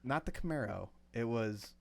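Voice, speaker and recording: A man co-hosting a casual podcast chat, telling driving stories in an animated way and swearing freely. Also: mid-range voice, moderate pace, creaky. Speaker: podcast co-host.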